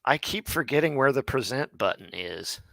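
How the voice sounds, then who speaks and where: A man's voice: mid-range voice, big pitch swings, a little slow, gravelly, fairly bright tone, no echo. A man hosting a live online Hebrew lesson. He thinks aloud and corrects himself mid-sentence.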